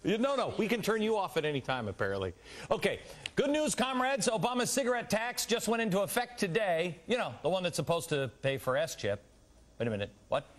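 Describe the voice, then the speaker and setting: American man, TV host, fairly high voice, very lively pitch, jokey. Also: fairly quick, slight background noise. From United States. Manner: joking, rambling, expressive. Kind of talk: TV interview.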